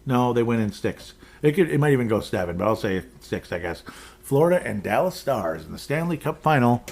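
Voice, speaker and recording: A man's voice: mid-range voice, very animated, fairly quick, vocal fry, a little mellow. A man hosting a podcast, talking casually through sports predictions, rambling and correcting himself, often chuckling. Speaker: podcast host.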